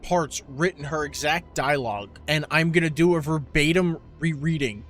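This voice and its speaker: A man's voice: on the high side, normal speed, a bit bright, soft background music. A man co-hosting a casual movie review podcast, ranting with lots of profanity and exasperation. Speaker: podcast co-host.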